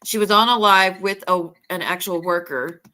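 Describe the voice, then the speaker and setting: A woman hosting a stream, retelling gossip in a rambling, animated way with many restarts. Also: on the low side, normal speed, slight background noise. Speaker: livestream host. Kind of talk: casual gossip chat.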